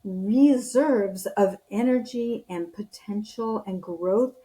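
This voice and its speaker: Earnest woman with a mellow voice. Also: medium pitch, slow pace, rough recording. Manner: earnest, encouraging, with frequent fillers and restarts. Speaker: leadership coach, podcast guest. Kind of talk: casual interview chat.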